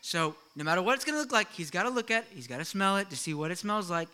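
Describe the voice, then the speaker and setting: A middle-aged man preaching a sermon to his congregation, animated and full of rhetorical questions and quick asides. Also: high-pitched, clear, resonant tone. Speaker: pastor.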